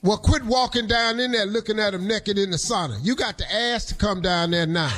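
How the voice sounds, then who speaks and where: A man hosting a radio show, riffing in a loud, animated, jokey storytelling way. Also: sits high, fairly quick, faint music behind. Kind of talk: comedic radio talk.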